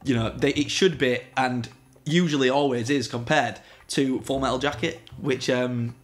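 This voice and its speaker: A man's voice: mid-range voice, fairly even intonation. A man co-hosting a film review show, chatting in a casual, opinionated way and joking often. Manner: chatty, opinionated, quick to joke.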